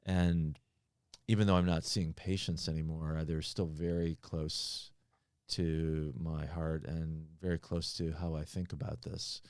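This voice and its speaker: A man with a low voice speaks in a podcast interview, answering earnestly but haltingly, full of fillers and restarts. His voice is recorded dry and close, with no room sound. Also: flat delivery, a little mellow, clean tone, no room sound. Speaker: pharmaceutical executive.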